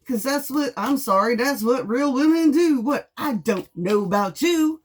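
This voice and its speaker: A woman tarot reader telling a story in a casual monologue, sassy and animated, swearing freely. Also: high-pitched, measured pace, hardly any pauses.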